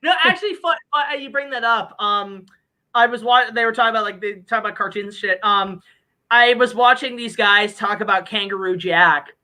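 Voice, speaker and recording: A woman's voice: a little high, a little fast, sharp tone, low-quality recording. A woman hosting a stream, chatting casually, joking and rambling with a lot of swearing. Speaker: stream host. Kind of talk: casual chat.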